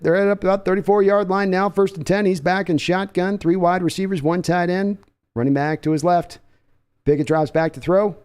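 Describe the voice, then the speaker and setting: A man's voice: a little high, darkish tone. A man hosting a live sports podcast, calling play-by-play in a chatty manner and answering viewer comments. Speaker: podcast host.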